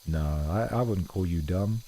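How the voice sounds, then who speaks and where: A man's voice: sits low, normal speed, mellow. A young man from England with an English accent, chatting casually on a stream in a rambling, self-deprecating way, full of "like" and "dude". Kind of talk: casual chat.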